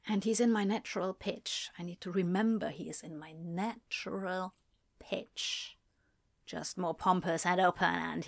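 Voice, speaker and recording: A woman's voice: on the low side, fairly even intonation, moderate pace, vocal fry, no echo. A woman, an audiobook narrator, thinking aloud at home as she plans character voices, rambling and correcting herself, often dropping into half-whispered asides. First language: German.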